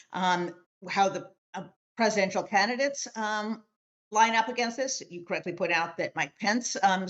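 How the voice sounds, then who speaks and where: A woman lawyer weighs in on a roundtable in a measured, opinionated way, pausing often on fillers. Her voice sits at an ordinary pitch for a woman. The audio comes through a bit dull and lo-fi. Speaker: lawyer and panel guest. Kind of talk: roundtable political discussion.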